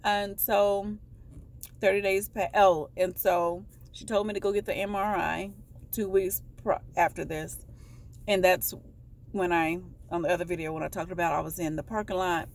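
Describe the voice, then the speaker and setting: Low kinda gravelly woman rambling thru a story, lots of stops and restarts, a bit of noise behind. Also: steady tone. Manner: rambling, halting, stops to correct herself. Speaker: vlogger. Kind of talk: casual storytelling to camera.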